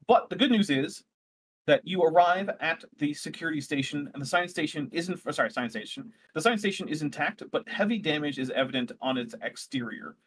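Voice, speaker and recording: A man running a tabletop role-playing game, narrating scenes and rules in a relaxed, rambling way, often correcting himself. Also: a little high, fairly quick, breathy edge. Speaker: game master.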